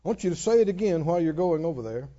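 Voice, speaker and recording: Man, pastor, sermon, high voice, lively pitch, mellow tone, muffled recording. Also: rapid-fire. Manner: emphatic preaching, rising to loud exclamations.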